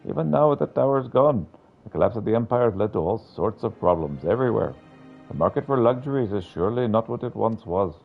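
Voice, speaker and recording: A man voicing a calm, polite female barmaid in a game, reading her lines in a measured way. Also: on the low side, creaky, narrow, tinny audio, soft background music.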